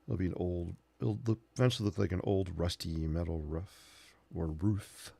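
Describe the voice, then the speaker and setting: Deep gravelly man chatting while he paints. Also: quick pace. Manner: relaxed, rambling, talks while painting. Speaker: art livestream host. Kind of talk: casual sketching livestream chat.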